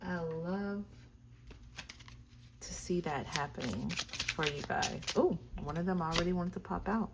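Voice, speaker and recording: Gushing, low-voiced woman reading tarot. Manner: gushing, excitable, talks straight to viewers. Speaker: tarot reader. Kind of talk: casual tarot reading to viewers.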